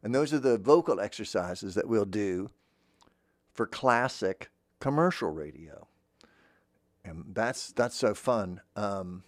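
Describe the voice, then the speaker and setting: Comic man as a rambling, mock-earnest voice coach, low voice with a lively range, dry close sound. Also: moderate pace, no room sound. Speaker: comic playing a voice-acting teacher. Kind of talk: improvised comedy monologue.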